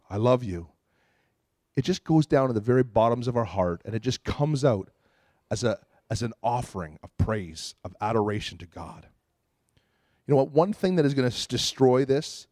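A man preaching a sermon in a plain, conversational way. He is earnest and slips into acted-out quotes and short prayers. His voice sits at an ordinary pitch in a dry, close recording. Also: a little mellow, no echo. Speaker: pastor.

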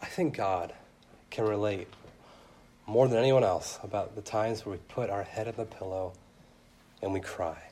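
A young man preaching a sermon earnestly, his voice swelling loud and then dropping soft. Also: lowish voice, moderate pace, pauses often, slight background noise.

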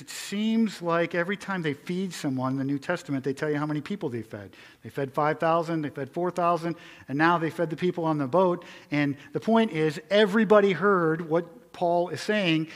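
A male pastor delivers a conversational sermon briskly in a fairly high voice, shifting between loud, emphatic stretches and hushed, quiet ones. A long reverb tail trails his words.

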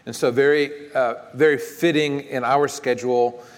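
A man with a Texan accent preaching a conversational sermon as pastor, relaxed and searching for his words. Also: medium pitch, moderate pace. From Texas. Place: church sanctuary. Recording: long reverb of a large church.

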